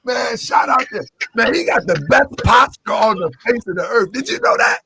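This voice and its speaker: Animated, gravelly high-voiced storytelling man. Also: normal speed, slight background noise. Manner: lively, jokey, acts out quoted voices, laughs often.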